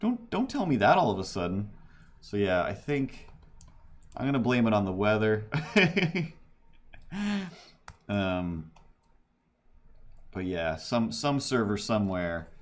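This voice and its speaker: A man chats casually on a livestream while drawing. His voice sits a little low and he takes his time. His story wanders, full of restarts and chuckles. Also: very animated, slow pace, long pauses. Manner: rambling storytelling with frequent restarts and laughs. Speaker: livestreaming artist.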